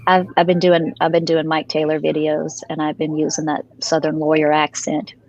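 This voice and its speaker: A woman's voice: low voice, monotone, normal speed, darkish tone, dull audio. Teasing woman on a live panel. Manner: teasing, joking. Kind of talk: casual live panel chat.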